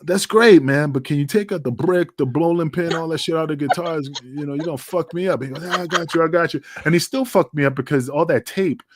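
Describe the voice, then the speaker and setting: A middle-aged man and former pro wrestler, guesting on a podcast and telling rambling, profane stories, loudly acting out the voices of the people he quotes. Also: on the high side, brisk, few pauses, noisy background. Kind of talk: casual storytelling on a podcast.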